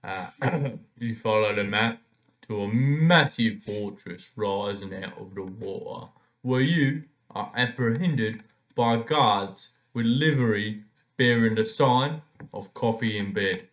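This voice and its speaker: A man's voice: on the low side, slow pace, muffled recording. A man playing a tabletop game, reading game text aloud with amusement.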